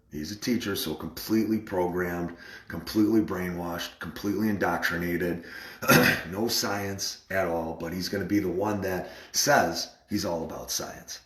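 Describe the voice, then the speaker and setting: Low-voiced man ranting in an echoey room. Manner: animated retelling, repeats himself, acts out others' words. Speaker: vlogger on a live stream. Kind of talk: casual live-stream monologue.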